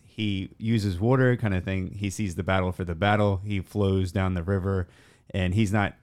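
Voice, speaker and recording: Low-voiced man rambling through a recap. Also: fairly even intonation, normal speed, darkish tone. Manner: rambling retelling, acts out character lines, many "like" fillers. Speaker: podcast co-host. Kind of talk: casual episode recap chat.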